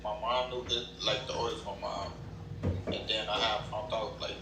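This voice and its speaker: A man from Cleveland on a video call, telling his story haltingly with many restarts. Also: lowish voice, level tone, creaky. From Cleveland, Ohio. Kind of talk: casual storytelling. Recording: distant echoey video call audio with noise.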